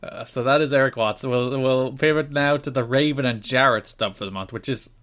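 A man's voice: medium pitch, brisk. A man co-hosting a podcast, chatting casually and animatedly, laughing often. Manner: animated, laughing, frequent restarts. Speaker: podcast co-host. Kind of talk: casual chat.

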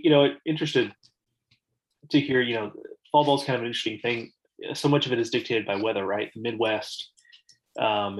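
A man's voice: lowish voice, poor audio. A man co-hosting a sports podcast while sick with a cold, so his voice sounds nasal, talking in a rambling, conversational way. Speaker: podcast co-host. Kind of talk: casual podcast chat.

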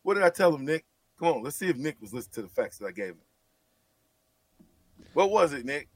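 Animated man calling in, distant and dry. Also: brisk, no echo. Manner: animated, teasing, swings from loud to low. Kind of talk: sports radio banter.

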